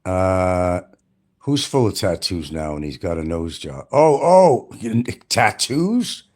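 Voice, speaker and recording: Older guy ranting on a livestream, low voice that swings up and down a lot, swears constantly. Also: sing-song, takes it slowly, darkish tone. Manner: blunt, profane, mocking, laughs often. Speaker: livestream host. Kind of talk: casual rambling livestream chat.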